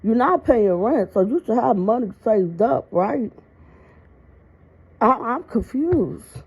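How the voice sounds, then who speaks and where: A sassy woman, talking straight to her viewers in casual reaction commentary. Her voice sits a little high, and her exasperation comes through plainly. The recording sounds dull and lo-fi. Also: expressive, takes it slowly, breathy edge.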